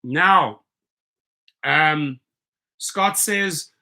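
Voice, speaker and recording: A man hosting a video, reading viewer comments aloud and reacting in a blunt, animated, emphatic way with some profanity. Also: on the high side, extremely slow. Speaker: host.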